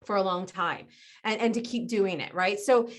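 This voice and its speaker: A woman guest on a podcast interview, explaining ideas in an animated way, often laughing and acting out other people's voices. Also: medium pitch, moderate pace. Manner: animated, acts out quoted voices. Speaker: guest business strategist.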